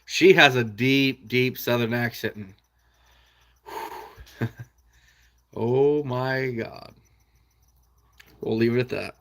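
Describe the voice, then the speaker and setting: This trapping stream host, a young man from the American Midwest, chats casually with viewers, reads the live chat, answers people by name, and laughs frequently. His medium-pitched voice is a bit bright, and his delivery is a little slow with frequent pauses.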